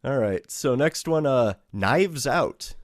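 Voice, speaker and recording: A relaxed man keeps a podcast chat moving in an easygoing way. His voice sits at a middle pitch. The recording is dry and close. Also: slow, no room sound. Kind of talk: casual chat.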